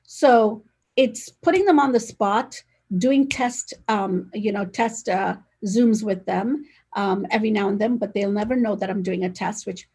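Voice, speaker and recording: Speaking over a video call, a real estate agent guest talks energetically and directly in a casual interview. She has an unhurried, medium-pitched voice with a darkish, slightly rough tone.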